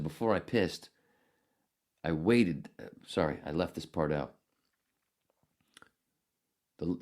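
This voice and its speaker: A man's voice: rumbling low, darkish tone. An older man hosting a podcast, telling a rambling, profane story in a casual, ranting way. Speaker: podcast host.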